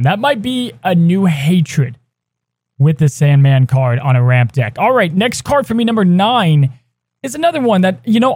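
This is a man co-hosting a casual podcast, bringing animated energy as he sets up each segment. His voice sits high for a man. The sound is dry and close to the mic, with no room around it. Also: no echo. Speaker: podcast co-host.

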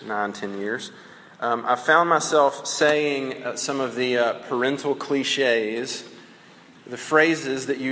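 A man's voice: medium pitch, sharp tone, slight background noise. A man in his thirties preaching a sermon in a conversational way, with fillers and restarts. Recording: echoey hall with long reverb.

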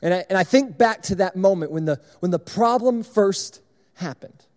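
A young man preaching with an animated, self-mocking storyteller's flair. His voice sits high for a man. Long reverb from a large hall trails every line. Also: normal speed. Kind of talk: sermon storytelling.

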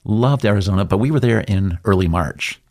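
A man's voice: lowish voice, lively intonation, fairly quick, darkish tone. A middle-aged man from New England, a guest telling jokey stories in a casual interview and acting out little voices. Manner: jokey storyteller, acts out voices with big jumps. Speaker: interview guest, business owner.

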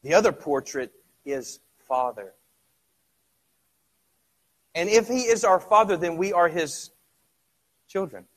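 A middle-aged man preaching a sermon in a conversational way, asking the congregation rhetorical questions, sometimes dropping to a hush and then rising loud. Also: sits high, expressive, slow, pauses often. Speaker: pastor.

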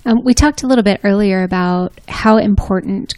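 A woman hosting an interview in a mellow, dark-toned voice. She sounds affirming as she asks her questions. The recording is dry and close. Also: medium pitch, normal speed, dry recording. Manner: warm and affirming. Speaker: host.

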